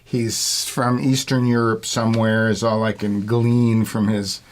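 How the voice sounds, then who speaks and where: A man's voice: lowish voice, level tone, unhurried. A middle-aged man, a longtime retail worker, telling casual stories in a rambling, profane way and laughing as he goes. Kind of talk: casual storytelling.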